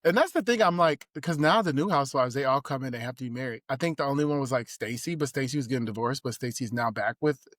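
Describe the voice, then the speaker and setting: A man co-hosting a podcast in casual chat, talking quickly, laughing easily and trailing off mid-thought. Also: mid-range voice, expressive, fairly bright tone, dry recording, clean studio sound. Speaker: podcast co-host.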